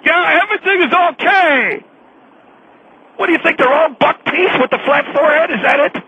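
A man's voice: very high-pitched, steady tone, quick pace, sharp tone, slight background noise, voice pushed up, poor audio. A man voicing an irate middle-aged male radio station boss who scolds and rants in exasperation, in a radio comedy sketch. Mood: exasperated.

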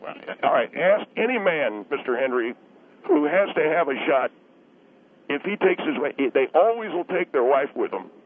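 A man's voice: fairly high pitch, big pitch swings, moderate pace, breathy edge. A man calling in to a radio show, defensive and stammering. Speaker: caller. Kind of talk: call-in conversation. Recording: tinny phone line.

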